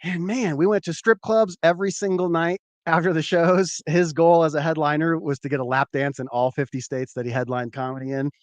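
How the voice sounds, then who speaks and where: A man hosting a show, telling a rambling, animated personal story with swearing. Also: on the high side, fairly quick, hardly any pauses, no room sound. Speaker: show host, former comedian. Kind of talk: casual storytelling.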